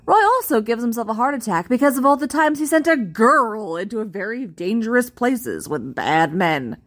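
A woman casually reading a fan-written post aloud, amused and expressive. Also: fairly high pitch, moderate pace. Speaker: reader.

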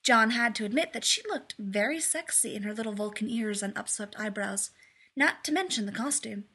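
A woman narrating a fan fiction story aloud in a lively, amused way. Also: a little high, moderate pace, slightly rough.

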